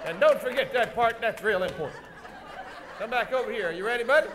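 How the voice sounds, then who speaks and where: A man hosting a live stage comedy show, folksy and teasing, loudly acting out bits for the audience. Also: very high-pitched, animated, fast. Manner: loud, folksy, teasing, acts out bits for the crowd. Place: stage of a large indoor comedy theater. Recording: live venue with band music and crowd noise.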